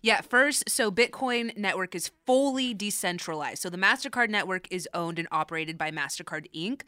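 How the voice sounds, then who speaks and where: A woman in her thirties co-hosting a podcast in casual chat, teasing and quick to laugh. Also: fairly low pitch, pushed and bright, no echo. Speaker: podcast co-host.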